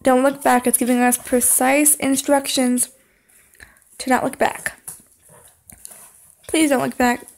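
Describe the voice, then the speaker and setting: A young woman playing a horror game, talking to the screen, singing along and yelling when scared. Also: high-pitched, little pitch movement, takes it slowly, pauses often. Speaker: gaming channel host. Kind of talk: horror game let's play commentary.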